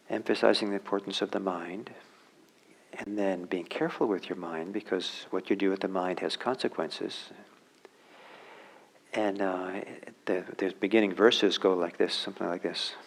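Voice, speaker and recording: A man giving a dharma talk as a meditation teacher. He speaks reflectively and haltingly, with many fillers and restarts, and drops to a soft near-whisper on key words. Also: deep voice, creaky, poor audio. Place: meditation center hall.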